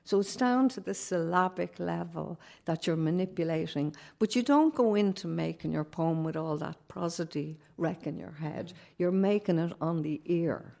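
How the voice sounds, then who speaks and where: A woman poet, not a native English speaker, talking thoughtfully on a panel with a measured, musing manner. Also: fairly low pitch, vocal fry, dark tone. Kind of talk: reflective panel discussion.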